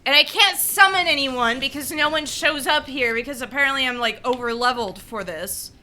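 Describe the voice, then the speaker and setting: A young woman streamer commenting on her gameplay, frustrated and venting, apologizing for her yelling. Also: high-pitched, fairly quick.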